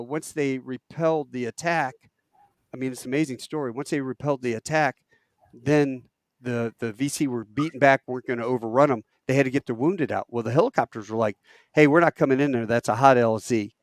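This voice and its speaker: A man, a podcast guest, telling war stories in a lively way, acting out quotes with halting restarts. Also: mid-range voice, no room sound, clean studio sound. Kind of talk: animated war storytelling.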